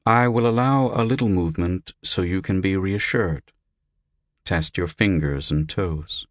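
Unseen clinical voice, toneless and measured, slow and dry, read by a male narrator. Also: low-pitched, no room sound. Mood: flat. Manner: flat, without intonation. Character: flat, toneless recorded voice of an unseen doctor. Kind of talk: audiobook character voice.

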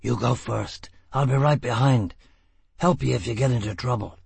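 A man playing a gruff, clipped, tough man. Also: mid-range voice, moderate pace, darkish tone, dry recording, full character voice. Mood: urgent. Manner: gruff, clipped and rough-spoken.

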